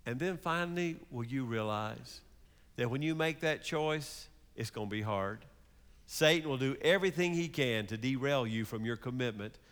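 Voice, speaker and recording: A male pastor giving a sermon, moving from lively storytelling to slow, hushed emphasis. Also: medium pitch, big-room sound.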